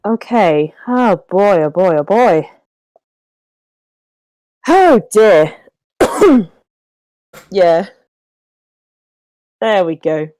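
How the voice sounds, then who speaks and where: Woman, tabletop player, slow talker, musing, dry close sound. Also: medium pitch, very animated, dark tone, no echo. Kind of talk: casual tabletop play.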